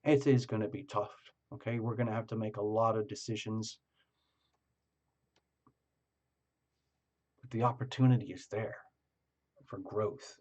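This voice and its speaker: A man putting on a hushed, reverent inner voice that murmurs solemnly. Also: lowish voice, fairly even intonation, a little fast, natural voice. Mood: awed.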